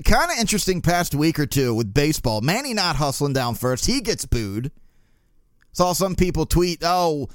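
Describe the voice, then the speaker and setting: Young male podcast host, fairly high voice, dry close sound, sarcastic rambling rants. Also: no room sound. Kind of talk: casual sports talk monologue.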